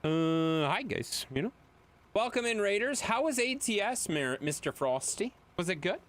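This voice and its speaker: A man streaming a game live, joking and swearing with his friends in lively banter. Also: high voice, moderate pace. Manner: excitable, profane, joking.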